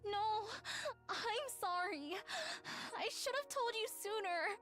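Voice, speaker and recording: A woman voicing a remorseful teenage girl in an anime game, speaking slowly through tears with a high, youthful voice. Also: expressive, fairly bright tone, full character voice. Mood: tearful. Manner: slow and choked with tears. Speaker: voice actress. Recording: game audio with music underneath.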